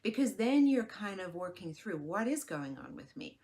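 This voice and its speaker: Expressive woman in her forties. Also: medium pitch, moderate pace. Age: 40s. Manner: animated, acts out quoted voices, drops to soft near-whispers; earnest, frank, reassuring. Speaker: podcast host and life coach. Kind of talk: casual solo podcast talk.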